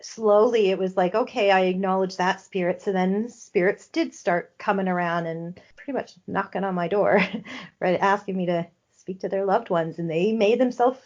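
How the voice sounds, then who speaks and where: A middle-aged woman tells her story candidly, voicing her own thoughts as she goes. Her voice sits at a middle pitch, and the podcast audio is slightly dull and lo-fi. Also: normal speed, darkish tone. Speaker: intuitive healer, podcast guest.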